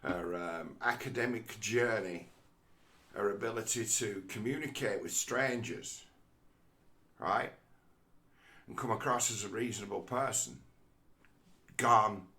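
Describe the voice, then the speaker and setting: A man hosting a podcast, talking through his views in an animated, mocking way, with frequent fillers. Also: lowish voice, measured pace, long pauses. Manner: animated, mocking quoted voices, many fillers. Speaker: podcast host. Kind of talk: casual commentary.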